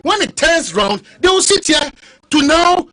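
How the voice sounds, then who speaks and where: Impassioned high-voiced Ghanaian man. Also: big pitch swings, measured pace, bright, forceful tone. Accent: Ghanaian English. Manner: impassioned, repeating words, cutting in with "hold on". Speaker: radio talk show host. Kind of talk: heated political radio debate. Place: radio studio.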